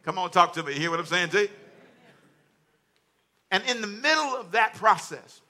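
A man's voice: high voice, lively intonation, normal speed, sharp tone. A male pastor preaching a sermon in church to a congregation, with folksy, repetitive phrasing and call-and-response.

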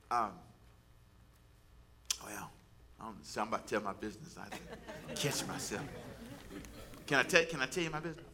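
A man's voice: on the low side, lively intonation, normal speed, long pauses, bright, forceful tone, slight background noise. A man preaching a sermon as pastor, talking in a conversational way with asides to the congregation.

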